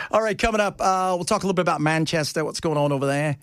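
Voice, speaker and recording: A man hosting a talk radio show, rambling in a casual, animated way from topic to topic. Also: fairly high pitch, a little fast, clear, resonant tone, dry recording, studio quality.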